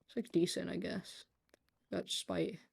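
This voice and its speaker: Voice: medium pitch, big pitch swings, a little slow, creaky, breathy edge. Joking, rambling late-night game streamer. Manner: joking, rambling, laughs often. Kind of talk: casual live gaming stream chat. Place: at home, live stream.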